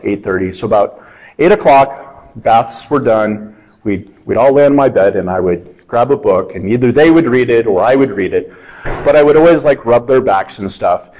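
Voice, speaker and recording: A man's voice: lowish voice, lively intonation, moderate pace, darkish tone. A middle-aged man preaching a sermon in a conversational, storytelling way, acting out the quotes. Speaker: pastor. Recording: dull lo-fi sound.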